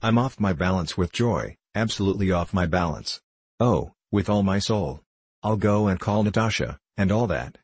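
Gushing, fussy old landowner full of endearments, read by a man in a low, husky voice for an audiobook play. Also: lively intonation, moderate pace, darkish tone. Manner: showers everyone with pet names. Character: effusive elderly male landowner, gushing and fussy.

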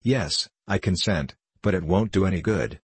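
A man's voice: sits low, lively intonation, normal speed, slightly rough, no room sound, heavily acted. Man reading as a glum, unhappy boy. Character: unhappy boy from a loveless home.

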